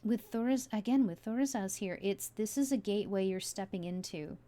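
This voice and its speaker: A woman's voice: mid-range voice, a little fast, mellow. A woman giving a casual tarot reading, musing aloud with many fillers as she turns the cards. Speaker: tarot reader.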